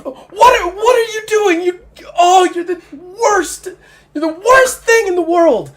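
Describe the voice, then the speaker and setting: A woman's voice: very high-pitched, a little slow, pitched above the performer's own voice. A man voicing a furious young woman handcuffed to the hero, screaming in desperation.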